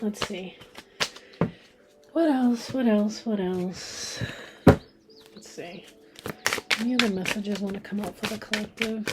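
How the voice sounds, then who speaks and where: Tarot reader, woman, relaxed mellow tone, chatty and musing as she pulls cards. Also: mid-range voice, a little hiss or hum. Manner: chatty, thinks aloud while drawing cards. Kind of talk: pick-a-card tarot reading.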